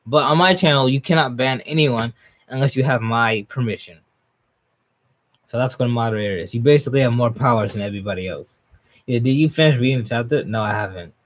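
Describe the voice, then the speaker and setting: Young man, live-stream reaction, reading aloud, laughing, excitable, chatting with viewers. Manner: excitable, laughs often, jumps up in pitch when hyped. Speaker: streamer reacting to a manga chapter.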